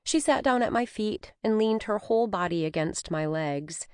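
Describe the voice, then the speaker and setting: A woman narrating a cozy mystery audiobook in the first person, with an expressive storytelling manner. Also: mid-range voice, moderate pace, clean tone, no echo. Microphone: studio microphone.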